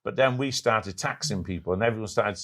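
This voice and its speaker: Man, middle-aged, quick talker, lowish voice, emphatic, checks for agreement. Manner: rapid, emphatic, asks for agreement. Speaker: guest. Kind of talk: casual storytelling chat.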